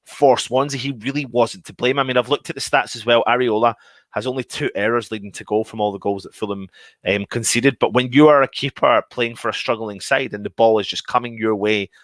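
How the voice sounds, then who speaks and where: Male co-host, animated storyteller, dry close sound. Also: mid-range voice, a little fast, dry recording. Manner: animated, storytelling, talks over others. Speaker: podcast co-host. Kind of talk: casual football chat.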